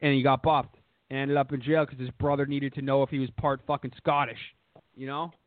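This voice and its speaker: This podcast host is a young man whose mid-range voice stays fairly flat in pitch as he talks at a brisk clip. His chat is crude, rambling, and profane, and he says "dude" over and over, all captured in dry, phone-like lo-fi sound.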